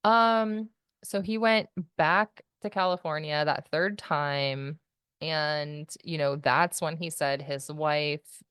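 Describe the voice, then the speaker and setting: A woman's voice: sits low, slow, a bit bright, clean tone, no echo, clean studio sound. A woman guest giving a candid personal account in an interview, rambling and full of fillers like "like" and "you know.".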